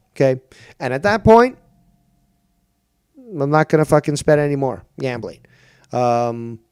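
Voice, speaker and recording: A man's voice: a little high, darkish tone, dry recording, clean studio sound. A middle-aged man hosting a live stream, ranting with lots of swearing and mocking others in whiny put-on quotes. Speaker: streamer and show host.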